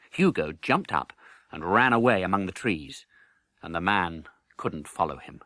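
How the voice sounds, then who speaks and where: A man narrating a children's audiobook in an animated, expressive way. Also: deep voice, unhurried, dry recording, clean studio sound. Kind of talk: storybook narration.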